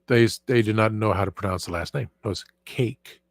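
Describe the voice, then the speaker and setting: A man's voice: fairly low pitch, brisk, dry recording. A man hosting a casual live stream, rambling with many fillers and restarts while answering viewer chat. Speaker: livestream host.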